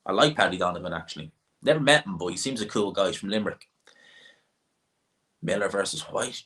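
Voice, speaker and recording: Here an Irish man running a casual livestream responds to comments from viewers, rambling through his opinions with many restarts. His pitch is fairly low, his pace moderate and his tone fairly bright.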